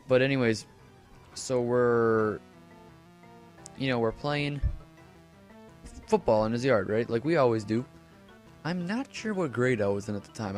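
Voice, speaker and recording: A man's voice: on the low side, darkish tone. Rambling teenage boy telling a story. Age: teens. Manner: rambling, many fillers and self-corrections. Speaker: gameplay commentator. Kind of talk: casual storytelling over gameplay. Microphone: desk microphone.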